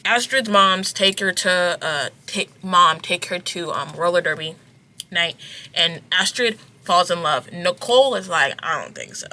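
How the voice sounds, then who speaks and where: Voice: medium pitch, measured pace, pushed and bright. A young adult giving a casual book review, chatty and full of "like" and "you know what I mean.".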